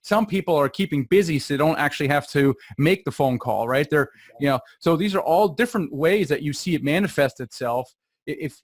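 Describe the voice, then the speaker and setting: A man's voice: on the high side, dry recording. Man host asking questions over a dry mic. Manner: hesitant, many fillers and restarts. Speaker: podcast host. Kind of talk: interview questions.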